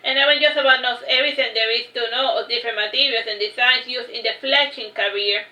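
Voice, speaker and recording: A woman with a bright, slightly high voice reads her own fantasy book aloud, trips over words and goes back to fix them. The room around her is roomy and echoing. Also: steady tone, quick pace. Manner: unpolished reading with self-corrections. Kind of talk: storybook reading. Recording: roomy echo.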